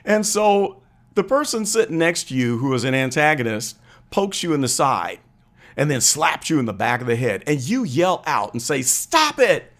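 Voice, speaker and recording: A man's voice: mid-range voice, animated, moderate pace, a bit bright. A man from Chicago hosting a live stream, explaining political drama earnestly and acting out little scenes as he tells them. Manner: earnest, storytelling with acted-out quotes. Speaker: political commentary host.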